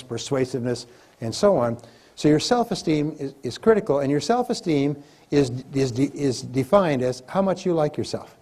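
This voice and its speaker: Husky man giving an emphatic seminar talk. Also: medium pitch, mellow. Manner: emphatic, repetitive, coaching the audience. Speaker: motivational speaker. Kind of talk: live seminar lecture.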